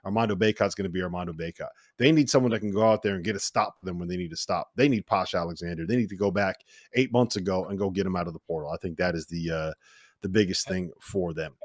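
Lower-voiced male host leading the panel; dry close sound, emphatic delivery. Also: quick pace, no echo. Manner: emphatic, imaginative storytelling. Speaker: podcast host. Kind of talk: casual sports banter.

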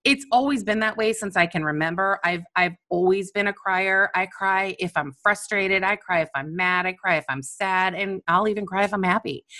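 A woman coach speaking in a candid, animated, self-mocking personal monologue about her own feelings. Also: lowish voice.

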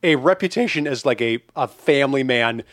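A man's voice: mid-range voice, expressive, fairly quick, a bit bright, dry recording, clean studio sound. A man in his forties hosting a podcast, joking crudely in casual chat. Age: 40s. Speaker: podcast host.

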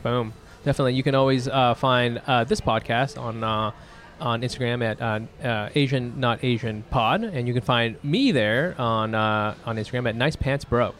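A man's voice: mid-range voice, moderate pace, hardly any pauses, a bit bright. A man co-hosting a podcast, chatting casually with lots of fillers and jokes. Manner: rambling, filler-heavy, joking. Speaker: podcast co-host.

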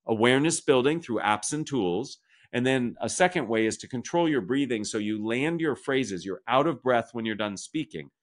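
A man's voice: mid-range voice, animated, moderate pace. A middle-aged man answering as a podcast guest, methodical and explanatory, who sums up his points at the end. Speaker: communication author and guest.

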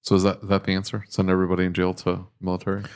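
A man's voice: sits low, monotone, rapid-fire, darkish tone, smooth. A man with a northern US accent hosting a casual talk show, joking and cutting in often. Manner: joking, talkative, often cuts in. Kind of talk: casual chat.

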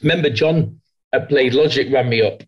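A man's voice: mid-range voice, moderate pace, highs cut off. A man who is a guest sales leader, telling stories in a podcast interview with many restarts and quoted voices. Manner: rambling, self-reflective storytelling with many restarts; slips into quoted voices and an American impression.

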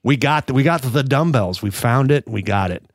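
A man's voice: mid-range voice, lively intonation, moderate pace, no room sound. A man co-hosting a podcast in casual, joking chat, with easygoing fillers. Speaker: podcast co-host.

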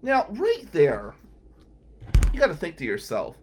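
A man's voice: on the high side, huge pitch swings, unhurried, pauses often, darkish tone, slight background noise. A man hosting a podcast, a lawyer telling wry, incredulous stories from his working day. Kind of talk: storytelling monologue.

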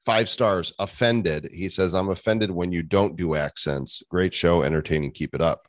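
A man's voice: deep voice, normal speed, no echo. A man co-hosting a podcast in casual chat, reading listener reviews aloud with dry, chuckling humor. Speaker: podcast co-host. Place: living in Puerto Rico.

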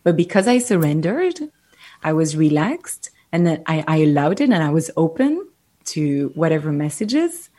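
A woman with a French accent, a guest on a podcast, telling stories animatedly and giving gentle, reflective advice. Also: sits low, moderate pace. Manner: animated storyteller, gentle and reflective when advising. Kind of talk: casual interview chat.

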